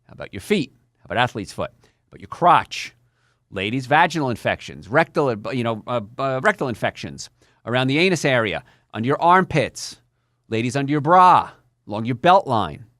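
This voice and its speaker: An older man, a doctor hosting a health talk show, speaking in an animated, chatty way straight to his listeners. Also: medium pitch, a little fast, dry recording, clean studio sound. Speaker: doctor and podcast host.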